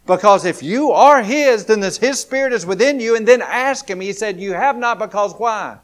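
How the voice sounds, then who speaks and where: Male pastor, higher register, folksy sermon delivery with rising emphatic peaks. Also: normal speed. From Alabama, USA. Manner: folksy, swings from soft asides to rising, emphatic calls.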